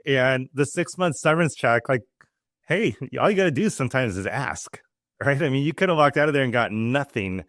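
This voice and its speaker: A man's voice: medium pitch, lively intonation, fairly quick, fairly bright tone, dry recording, clean studio sound. A man hosting a podcast interview, chatting casually and encouraging his guest. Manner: encouraging, laughs easily. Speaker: podcast host.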